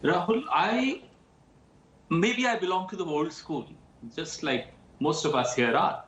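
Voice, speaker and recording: A man's voice: on the high side, very animated, a little slow, fairly bright tone. Impassioned man on a roomy, noisy line. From India. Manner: impassioned, insistent. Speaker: political party spokesperson. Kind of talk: heated TV debate.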